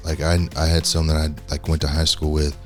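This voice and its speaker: Low-voiced guy cohosting a podcast, blunt jokey slangy talk, light music in back. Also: flat delivery, brisk, a little mellow. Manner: joking, frank, slangy. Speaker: podcast co-host. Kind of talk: casual chat.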